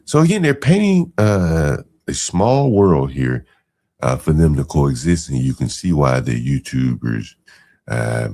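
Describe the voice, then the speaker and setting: A man's voice: big pitch swings, measured pace, warm tone. A man hosting a podcast, giving casual, mocking commentary on clips, with incredulous asides and frequent fillers. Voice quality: deep gravelly voice. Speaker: podcast host reacting to clips.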